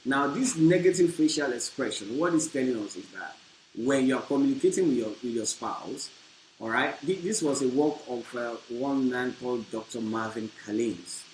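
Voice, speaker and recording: A man's voice: mid-range voice, normal speed. Emphatic preaching man, echoey room. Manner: emphatic preaching, rising to loud bursts. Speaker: pastor. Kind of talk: marriage teaching sermon. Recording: echoey room with faint hiss.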